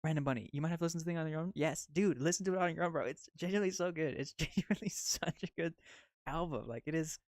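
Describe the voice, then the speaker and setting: A young man streaming while he draws, chatting casually in a rambling, excitable way full of fillers. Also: on the high side, quick pace, dry recording, clean studio sound. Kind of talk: casual live-stream chat while drawing. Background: faint music.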